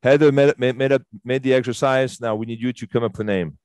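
A man's voice: medium pitch, steady tone, quick pace, a little mellow, clean tone, dry recording, studio quality. A man leading a fitness workshop, chatty and enthusiastic, with loose fillers and casual swearing. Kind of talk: casual live workshop instruction. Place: fitness studio.

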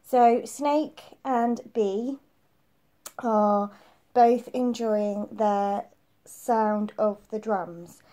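A woman's voice: mid-range voice, steady tone, extremely slow, dark tone. A woman preschool teacher giving a phonics lesson to young children, patiently repeating each letter sound.

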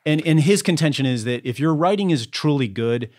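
A man's voice: fairly high pitch, animated, darkish tone. Male guest on a podcast, rambles a bit, lots of ums and restarts. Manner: wordy, halting, full of fillers. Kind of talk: conversational interview.

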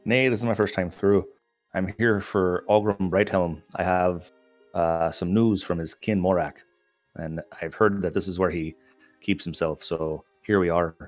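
Guy doing a low mock-scottish dwarf, polite, says aye a lot, dry dull sound. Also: steady tone, a little slow, dry recording, soft background music. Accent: put-on Scottish-style. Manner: old-fashioned speech with aye and mayhap.

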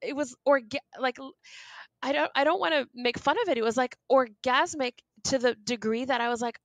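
A woman's voice: high voice, fairly quick, no echo, low-quality recording. A woman in her forties, a guest in an interview, talking candidly and passionately with many restarts. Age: 40s. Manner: passionate, animated, lots of restarts and laughs.

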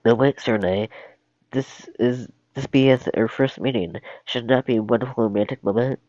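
A man's voice: mid-range voice, normal speed, a little mellow, no echo, natural voice. A prim, romantic princess with theatrical, old-fashioned diction, put on by a man who pushes his voice up. The recording is dull and lo-fi, dry and close. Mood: expectant. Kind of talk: solo script reading on stream. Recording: dull lo-fi stream audio.

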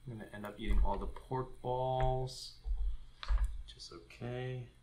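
A man's voice: mid-range voice, steady tone, measured pace, roomy sound, background noise. A man co-hosting a couple's eating vlog, chatting at the dinner table and asking curious questions, picked up by a small camera. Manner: curious, asks lots of questions. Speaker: vlog co-host. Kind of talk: casual chat while eating. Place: home dining table at a hot pot meal. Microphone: GoPro camera on the table.

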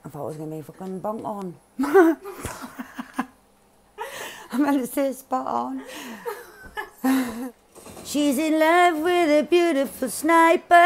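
A woman giving loud, excitable, swearing commentary over her gameplay, laughing often. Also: high voice, slight background noise. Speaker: gaming streamer.

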